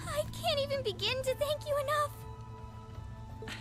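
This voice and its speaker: An earnest, very high young noble girl. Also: takes it slowly. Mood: pleading. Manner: earnest, emotional. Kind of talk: video game voice acting. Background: game music.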